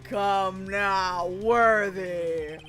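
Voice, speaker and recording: A woman's voice: medium pitch, steady tone, very slow, a bit bright, soft background music, voice pushed down. A woman playing a smug, menacing police chief. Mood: condescending. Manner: condescending and mocking. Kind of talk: reading game dialogue aloud.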